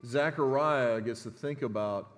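A man's voice: mid-range voice, measured pace. A middle-aged man preaching an expository sermon as a pastor in a conversational way, often restarting words and checking in with the congregation. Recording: long reverb of a large hall.

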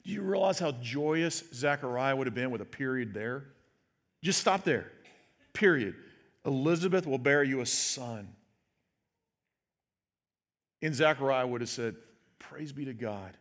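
A man's voice: mid-range voice, unhurried, long pauses, a bit bright. A pastor preaching a sermon in a conversational way, asking his listeners "right?" and acting out the quoted words. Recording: long hall reverb.

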